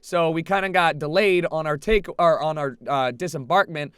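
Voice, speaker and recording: A young man vlogging a rambling party story, animated, with frequent restarts and swearing. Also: on the high side, normal speed, smooth, no room sound, clean studio sound. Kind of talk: casual storytelling. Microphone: headset.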